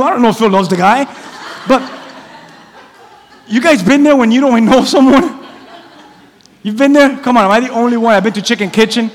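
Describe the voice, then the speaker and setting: A male pastor preaching a sermon in a church, telling stories in an animated way and acting out the voices of the people in them. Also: high voice, normal speed, pauses often. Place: church sanctuary. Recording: long hall reverb.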